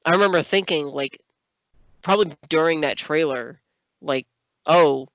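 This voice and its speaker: A podcast co-host chatting casually, rambling with lots of fillers and breaking into animated outbursts. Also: medium pitch, measured pace, no room sound. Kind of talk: casual chat. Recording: dry, dull lo-fi sound.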